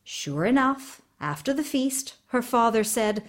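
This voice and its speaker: A woman narrating a fairy tale aloud in an expressive, unhurried storytelling voice. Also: fairly high pitch.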